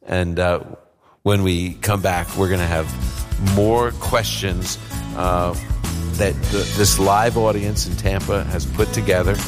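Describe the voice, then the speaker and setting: A man's voice: deep voice, unhurried, in a large hall, over music. A man teaching the Bible on a call-in radio show, explaining and acting out scenes with animation. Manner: explanatory, animated when retelling scripture scenes. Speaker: radio Bible teacher answering listener questions. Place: live event before an audience.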